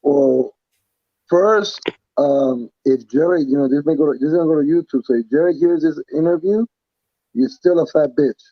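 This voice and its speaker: A man, a professional fighter being interviewed, talking casually in an animated, profane way with many restarts and repeats. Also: a little high, normal speed, no room sound, dull audio. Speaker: pro fighter guest.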